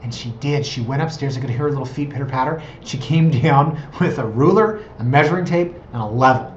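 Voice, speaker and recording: A man's voice: medium pitch, fairly quick, reverberant, muffled recording, slight background noise. A man in his thirties, a real estate agent, talking casually and digressively in a vlog from his office. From Canada. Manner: chatty, digressive, self-deprecating.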